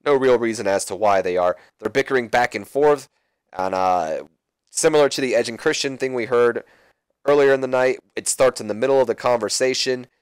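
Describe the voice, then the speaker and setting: Guy chatting offhand over a game, middle pitch, dry close sound. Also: a little fast, smooth, no room sound. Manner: rambling, offhand. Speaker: game commentator. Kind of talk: casual gameplay commentary.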